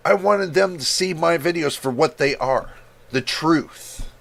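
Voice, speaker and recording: Gravelly and a bit bright, this man's fairly high voice runs a little slow. He's a reviewer hosting a tech livestream, ranting casually in a heated, emphatic way, repeating words for stress and coughing now and then.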